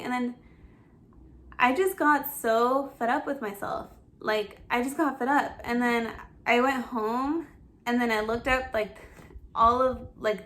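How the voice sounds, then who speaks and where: Young woman vlogger, slightly high voice, candid, laughs through tears while telling her story. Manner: candid and emotional, laughs through tears, animated self-talk. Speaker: fitness vlogger. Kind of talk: personal storytelling to camera.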